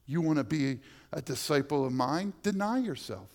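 A man preaching a sermon as pastor, swinging from hushed, slow lines to loud, emphatic ones. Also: on the high side, expressive.

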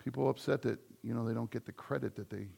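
A man's voice: mid-range voice, fairly even intonation, fast, gravelly, dark tone. A man preaching a sermon as the church's pastor, in a conversational style that builds to emphatic points.

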